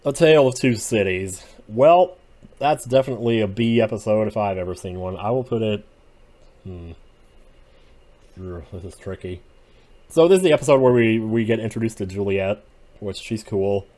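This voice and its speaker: Low-voiced man rambling through episode rankings. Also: dark tone. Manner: rambling, opinionated, swings between muttering and outbursts. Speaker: video creator ranking TV episodes. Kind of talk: casual solo commentary.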